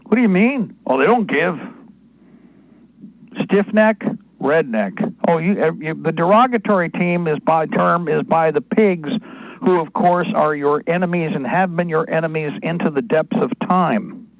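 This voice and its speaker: A man hosting talk radio in a gravelly, fairly high voice that wanders from point to point through long asides. The sound is squeezed into a narrow, phone-like band. The room is dry, with no echo. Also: moderate pace. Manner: rambling and digressive, with many asides. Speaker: radio host.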